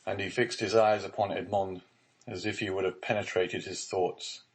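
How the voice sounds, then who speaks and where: Man with a fairly low narrating voice. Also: little pitch movement, normal speed, rough recording. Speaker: audiobook narrator. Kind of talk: scripted narration.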